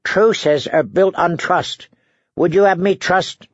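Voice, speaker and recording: A man voicing a stubborn, earnest young female knight in a stiff, indignant manner, with a gravelly voice. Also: high-pitched, slow, no echo, voice pushed up. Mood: stern. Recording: dull dry lo-fi recording.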